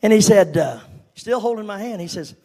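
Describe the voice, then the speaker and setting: A man's voice: high-pitched, animated, brisk, dark tone. An older man telling a personal testimony in a folksy, self-mocking way, chuckling at himself as he goes. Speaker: guest speaker.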